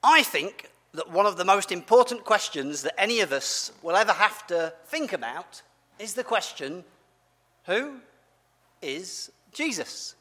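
A man's voice: high-pitched, sing-song, a little slow, bright, forceful tone, long reverb tail. A man giving a playful, family-friendly sermon as a preacher, asking his audience questions as he goes.

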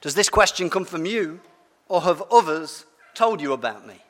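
A preacher reading as a calm solemn king. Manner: slow, low, measured reading. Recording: long church hall reverb.

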